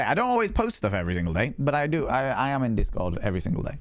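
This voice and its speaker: A man's voice: medium pitch, sing-song, fast, hardly any pauses, no room sound, soft background music. A man casually playing a dating game on stream, reading the text aloud and rambling to chat.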